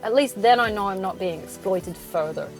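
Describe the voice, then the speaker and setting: A woman's voice: mid-range voice, moderate pace, faint music behind. A young woman hosting a solo podcast from a car, venting bluntly, swearing often and laughing between thoughts. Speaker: podcast host.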